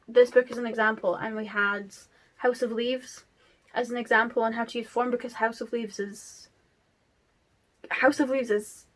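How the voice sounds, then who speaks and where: A chatty woman talking about books in a casual vlog, her voice a touch higher than most. She rambles, stops to restart her sentences and fills the gaps with ums. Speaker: book vlogger. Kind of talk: casual chat.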